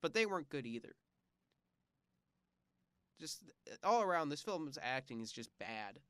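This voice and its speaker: A young man with a smooth, clear voice and a slightly higher pitch than most men hosts his own movie-review podcast. He talks casually and bluntly, with lots of filler words. The recording is dry and close to the mic. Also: big pitch swings, unhurried, fairly bright tone, no echo. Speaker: podcast host.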